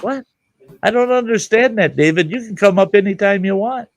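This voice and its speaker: A man's voice: high-pitched, moderate pace, no echo. A man hosting a casual livestream chat, telling rambling, profane stories. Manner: rambling, profane, lively storyteller. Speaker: livestream host.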